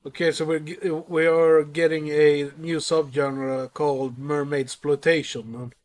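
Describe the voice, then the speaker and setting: Halting man, somewhat high voice. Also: flat delivery, a little mellow. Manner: halting, restarts words. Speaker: podcast co-host. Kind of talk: casual film chat.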